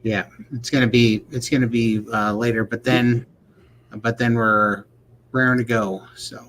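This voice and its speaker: A man's voice: mid-range voice, level tone, measured pace, a bit bright, a little hiss or hum, rough recording. A man co-hosting a casual livestream chat, joking in a folksy way and reading viewer questions aloud. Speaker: podcast co-host.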